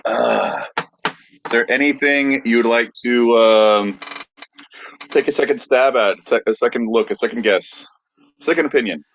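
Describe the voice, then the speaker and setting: A man's voice: medium pitch, measured pace, pauses often, a bit bright, slight background noise. A man hosting a podcast, dry and teasing. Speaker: podcast host. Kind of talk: casual comedic chat. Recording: dull, dry sound.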